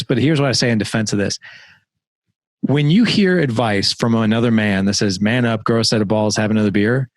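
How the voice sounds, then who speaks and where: A middle-aged man hosting a podcast in casual conversation, animated and quick to joke and laugh. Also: medium pitch, no echo. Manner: animated, joking, laughs often. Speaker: podcast host.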